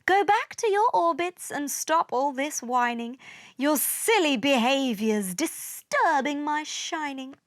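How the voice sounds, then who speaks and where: A woman's voice: high voice, expressive, slow, dry recording, studio quality, voice pushed up. A woman reading a storybook aloud, voicing a bossy, sensible sun who scolds the squabbling planets. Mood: lecturing. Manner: scolding, matter-of-fact.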